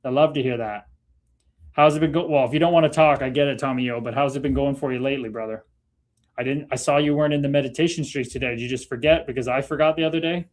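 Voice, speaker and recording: A man's voice: medium pitch, fast. A man with a Canadian accent hosting a casual livestream, chatting loosely with viewers and laughing often. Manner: laid-back, chatty, laughs often, talks to viewers by name. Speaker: livestream host. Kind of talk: casual livestream chat reading comments.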